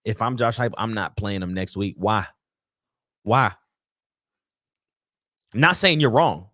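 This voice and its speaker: A man hosts a sports talk stream and rants with frustration and emphasis. His pitch swings widely up and down as he talks. The sound is dry and close. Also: slow, no room sound. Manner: frustrated, emphatic, animated ranting. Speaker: sports talk show host. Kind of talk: casual sports talk livestream.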